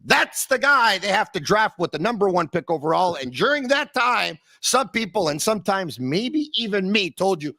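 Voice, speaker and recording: A man hosting a hockey podcast, talking with excitable energy and sudden swings in pitch. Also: normal speed, hardly any pauses, no room sound, clean studio sound. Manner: excitable, sings and shouts bits, big pitch swings. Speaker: podcast host. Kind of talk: energetic sports talk.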